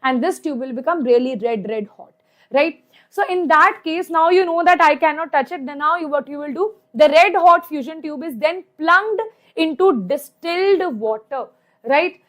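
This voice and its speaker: Indian lady teaching chem online, high voice, keeps saying right? and hai na. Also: moderate pace. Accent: Indian English. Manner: chatty, repeats points, asks "right?" often, mixes in Hindi. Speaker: chemistry teacher. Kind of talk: online exam-prep lecture.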